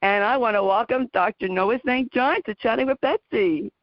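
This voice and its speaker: A woman's voice: a little high, moderate pace, no room sound. A woman with a New Jersey accent hosting a radio talk show, chatty as she introduces her guest. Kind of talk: radio interview. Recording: dry, dull lo-fi radio audio.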